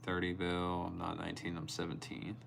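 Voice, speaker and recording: A young man hosting a live stream, chatting casually and answering viewers' comments by name, sometimes telling animated stories. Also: low-pitched, brisk, creaky, slight background noise. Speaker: livestreamer reading chat.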